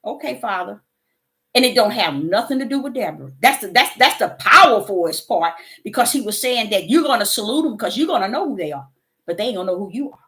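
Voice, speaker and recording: A woman's voice: a little high, a bit bright. A middle-aged woman giving a fervent spiritual testimony to her viewers, preachy and repeating her words. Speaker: YouTuber.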